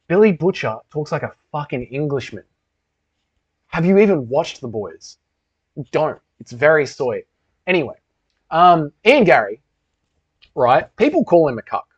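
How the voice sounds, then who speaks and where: A young man hosting a casual livestream Q&A, reading chat aloud and bantering crudely with heavy swearing. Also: fairly high pitch. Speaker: livestream host. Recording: dull lo-fi stream audio.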